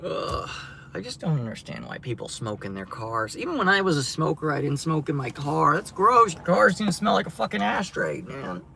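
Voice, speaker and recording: A man with a high, lively voice rambles profanely to his viewers from behind the wheel. His pitch jumps all over as he talks. Road and traffic noise runs clearly underneath. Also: normal speed. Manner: chatty, profane, rambling asides. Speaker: streamer driving at night. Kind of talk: casual livestream chat. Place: car driving in a city.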